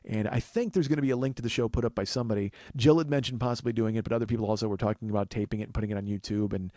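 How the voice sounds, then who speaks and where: A man's voice: fairly low pitch, fairly even intonation, racing, mellow, no room sound. A man in his forties hosting a podcast, telling stories in a rambling comedic monologue. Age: 40s. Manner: rambling storytelling with restarts. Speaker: podcast host.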